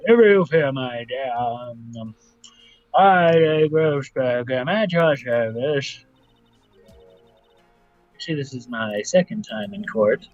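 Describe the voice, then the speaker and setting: A man's voice: medium pitch, expressive, takes it slowly, pauses often, darkish tone, no echo, dull audio, faint music behind. A man voicing a pompous, kindly older male lawyer, reading his lines in a drawling, mock-formal way.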